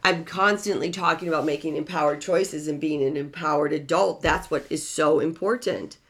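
A woman relationship coach giving an unscripted advice monologue, emphatic, repeating key words and swinging from soft to loud. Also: low voice, moderate pace.

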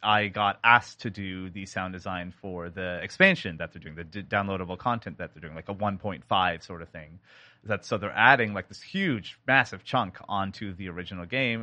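Bright-voiced man telling stories. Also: low-pitched, dry recording. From India. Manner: animated storytelling with many likes and restarts. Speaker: sound designer and guest. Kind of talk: casual interview talk.

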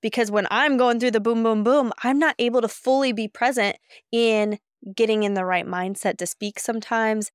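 A woman co-hosting a podcast, telling stories in an energetic, passionate way. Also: fairly high pitch, normal speed, smooth, no room sound, studio quality. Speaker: podcast co-host. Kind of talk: casual chat.

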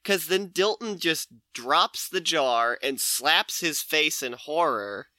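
A man's voice: fairly high pitch, expressive, takes it slowly, sharp tone, no room sound. A man hosting a podcast, casually recapping a comic and acting out the characters' lines with laughs. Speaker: podcast host.

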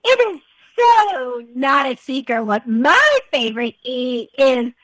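Wysoki, kpiący kobiecy głos. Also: female voice, high voice, very animated, takes it slowly, fairly bright tone, no echo. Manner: teasing, laughs often. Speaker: podcast co-host. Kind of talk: casual banter.

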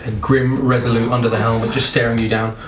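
A man's voice: mid-range voice, fast talker. Man running a tabletop game, distant echoey mic. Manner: relaxed, lots of repeated okays. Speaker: dungeon master. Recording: roomy distant mic with background noise.

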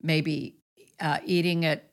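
Low-voiced woman in earnest podcast chat. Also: level tone, slow pace. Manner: earnest, repeats words when starting sentences. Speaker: podcast host and author.

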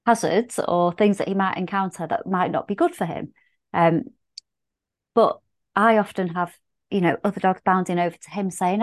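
Lady podcast host, chatty, lots of you-knows, lowish voice. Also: a little mellow. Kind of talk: podcast interview.

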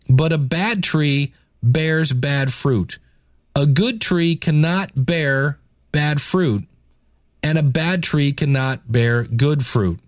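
A man preaching, reading scripture slowly and breaking into casual, chatty asides to explain it. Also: fairly high pitch, no room sound, clean studio sound. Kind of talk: Bible reading and teaching.

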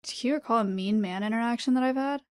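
Young woman with quick quips, dry close sound. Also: a little high, a little mellow, no room sound. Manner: reactive listener, short quips and interjections, giggly asides. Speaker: podcast co-host. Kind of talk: casual chat.

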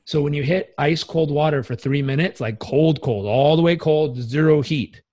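A man coaching as a podcast guest, telling stories in an energetic, emphatic and casually profane way. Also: fairly high pitch, normal speed. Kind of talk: podcast interview storytelling.

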